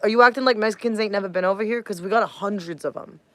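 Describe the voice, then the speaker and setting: A woman's voice: mid-range voice, fast, no room sound. A woman from the United States ranting on a livestream in a profane, rambling way, losing her train of thought. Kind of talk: casual livestream rant.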